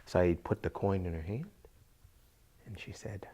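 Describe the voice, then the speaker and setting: This man narrates a folk tale for an audience in a fairly low, dark voice. His delivery is slow and drawn out, full of repetition, with occasional dips into whispering.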